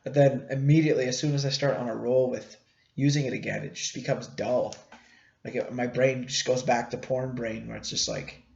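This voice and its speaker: A man's voice: mid-range voice, fairly even intonation, brisk, vocal fry, darkish tone. A young man rambling crudely and mocking himself, with many fillers, in a solo podcast monologue recorded on a camera mic in a small room at home. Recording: echoey room, dull lo-fi camera audio, faint noise.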